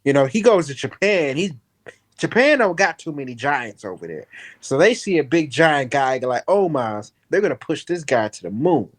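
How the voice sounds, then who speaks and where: A man's voice: fairly high pitch, big pitch swings, normal speed. A man joining a live show by phone, explaining things in an easygoing, rambling way. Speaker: guest panelist. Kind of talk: casual chat over a call.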